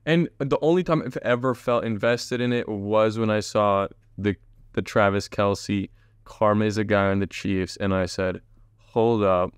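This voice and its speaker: A man with a fairly low, smooth and clear voice rambles through a casual solo podcast, hopping from tangent to tangent. He talks straight to his viewers as a chatty host. The sound is close and dry, with no room around it. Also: fairly even intonation, moderate pace, dry recording.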